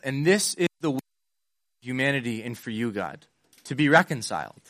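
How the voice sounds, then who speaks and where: A man's voice: mid-range voice, animated, normal speed, a bit bright, no room sound. Casual young male preacher, dry sound. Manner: conversational, acts out Bible scenes in modern slang. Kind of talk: casual sermon.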